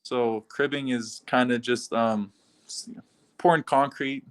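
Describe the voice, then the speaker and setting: A young man with an average, middle-pitched voice, answering questions over a video call. He talks in an easygoing, laid-back way and breaks into soft laughs now and then. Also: fairly even intonation, slow pace, clean tone. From Canada. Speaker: fighter being interviewed. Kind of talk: casual interview answers.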